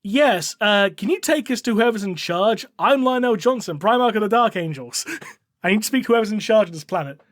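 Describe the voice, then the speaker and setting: A man's voice: sits high, expressive, fairly quick, a bit bright. A man voicing a superhuman male warlord in an offhand way while retelling a story on a podcast. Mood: earnest.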